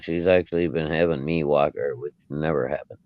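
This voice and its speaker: Very deep-voiced laid-back man, muffled. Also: fairly even intonation, no echo. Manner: laid-back, halting, with sighs. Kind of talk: casual storytelling. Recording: muffled lo-fi mic.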